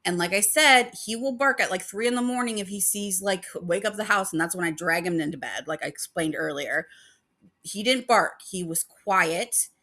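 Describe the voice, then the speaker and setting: A woman's voice: mid-range voice, normal speed, pushed and bright. A woman hosting a paranormal channel, chatting casually and rambling with many fillers, emotional about her dog. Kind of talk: casual chat.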